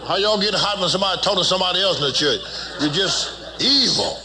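A man's voice: high voice, expressive, quick pace, a crowd in the background. A man preaching as a pastor, folksy and teasing, leading his congregation in call-and-response. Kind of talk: sermon.

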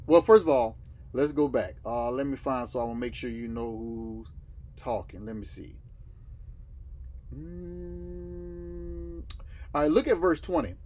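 A man's voice: medium pitch, darkish tone, a little hiss or hum. A man from the States, teaching a Bible class and asking his listeners questions that he then answers himself. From Southern United States.

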